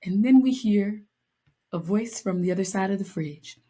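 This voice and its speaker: A young woman co-hosting a podcast in casual chat, telling stories with lively acted-out lines and playful asides. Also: medium pitch, moderate pace, husky. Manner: animated storytelling, acts out lines, playful. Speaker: podcast co-host.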